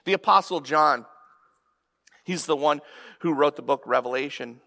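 Bright-voiced preacher in a reverberant hall. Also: male voice, a little high, moderate pace, gravelly, long pauses. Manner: conversational, emphatic, with rhetorical questions. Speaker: pastor. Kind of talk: sermon.

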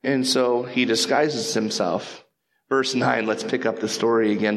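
Bright, animated male preacher. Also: medium pitch, unhurried. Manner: animated storytelling, jumps into voices. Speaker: pastor. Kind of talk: sermon.

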